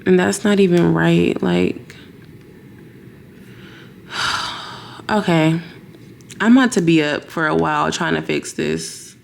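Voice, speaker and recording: A woman's voice: fairly low pitch, slow pace, vocal fry, pauses often, a little hiss or hum. A young woman vlogger chatting casually to camera from her bedroom, exasperated and ranting to her viewers. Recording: roomy echo.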